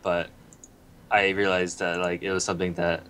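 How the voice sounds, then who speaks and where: A man who is a guest on a casual panel chat, talking in a relaxed, hesitant way with many fillers. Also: low voice, normal speed, noisy background. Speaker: guest player.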